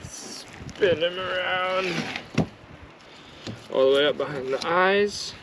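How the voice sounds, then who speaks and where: A man's voice: sits high, takes it slowly, background noise. A man talking casually and matter-of-factly, walking viewers through a task step by step. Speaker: vlogger. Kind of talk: casual how-to narration.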